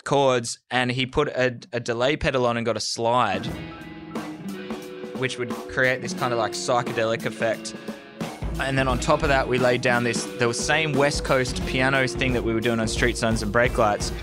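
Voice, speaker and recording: A man's voice: mid-range voice, steady tone, moderate pace, music in the background. A man in a casual interview, telling band stories in a laid-back, self-mocking way. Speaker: band member, guest. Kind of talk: casual storytelling.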